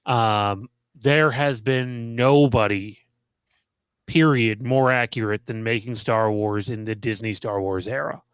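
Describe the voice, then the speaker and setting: A man's voice: mid-range voice, takes it slowly, clean tone, dry recording. A man co-hosting a podcast, talking bluntly and opinionated in casual chat. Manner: opinionated, blunt, swears freely. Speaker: podcast co-host.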